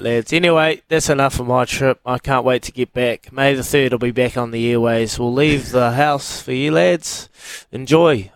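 A man's voice: medium pitch, dry recording. Young kiwi guy on breakfast radio, upbeat chatty banter, dry close sound. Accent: New Zealand. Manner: upbeat, chatty, laughs easily.

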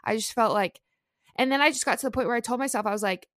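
A woman's voice: fairly high pitch, quick pace, no room sound, clean studio sound. A young adult woman co-hosting a podcast, telling a story in casual chat with lots of fillers. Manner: chatty, animated storytelling with many fillers. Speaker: podcast co-host.

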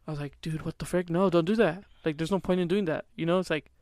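Young guy talking super fast, kinda high smooth voice, chatty podcast story. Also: fairly even intonation, a little mellow, dry recording, clean studio sound. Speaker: podcast co-host. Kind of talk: casual chat.

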